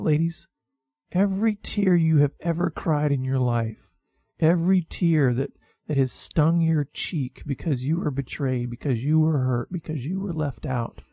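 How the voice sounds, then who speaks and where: A man's voice: a little high, vocal fry, no room sound, muffled recording. A man co-hosting a Christian talk show, speaking to listeners in a heartfelt, encouraging way. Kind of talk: faith-based conversation.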